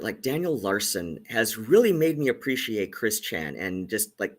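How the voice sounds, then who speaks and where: A man's voice: fairly low pitch, sing-song, moderate pace, hardly any pauses. A man hosting and giving casual commentary, hesitant with many fillers and restarts. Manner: hesitant, many ums and likes. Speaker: host.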